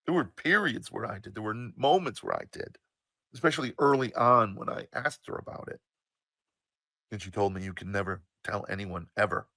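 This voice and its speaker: A man in his sixties from the United States, telling a personal story in an animated, emphatic way with some swearing. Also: mid-range voice, normal speed, vocal fry, dry recording. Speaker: storyteller, show host.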